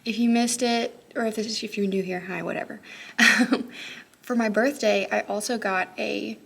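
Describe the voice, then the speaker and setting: A young woman, a high school teacher, chatting casually to her phone camera in a vlog, upbeat and full of "like" and "um". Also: steady tone, moderate pace, gravelly, fairly bright tone, husky. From Texas. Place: her car and classroom.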